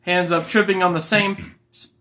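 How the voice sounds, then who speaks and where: A man's voice: sits high, fairly even intonation, a little fast, sharp tone. Rambling man improvising a story. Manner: rambling, many fillers, laughs at own story.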